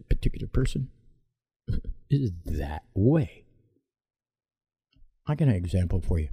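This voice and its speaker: Gravelly, deep-dark man telling a story. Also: dry recording. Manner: rambling, self-correcting, blunt. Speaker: vlogger telling a personal story. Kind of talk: casual rambling storytelling.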